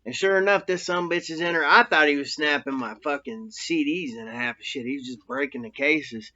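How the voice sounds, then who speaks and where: Forceful, profane man telling a prison story. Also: fairly high pitch, a little fast, lo-fi sound. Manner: profane, rambling, streetwise slang. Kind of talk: casual storytelling monologue.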